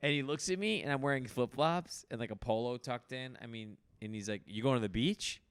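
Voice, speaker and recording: A man's voice: medium pitch, brisk, fairly bright tone, clear, resonant tone, dry recording. A man born in the United States, hosting a podcast, telling comedic stories in casual chat and laughing mid-sentence. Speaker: podcast host.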